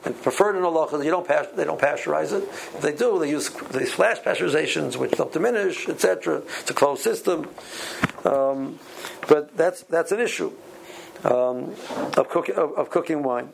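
A man teaching a Talmud class, speaking haltingly with many repeated words and ums. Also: a little high, creaky, background noise. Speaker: Torah teacher.

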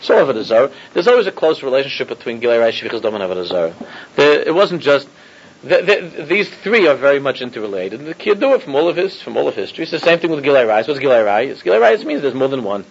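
Husky man giving a rambling Torah class. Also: mid-range voice, very animated, fast talker. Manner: mixes Hebrew and Yiddish terms, repeats himself, chuckles often. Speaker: rabbi teaching a class. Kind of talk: informal Torah lecture. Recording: dull lo-fi recording.

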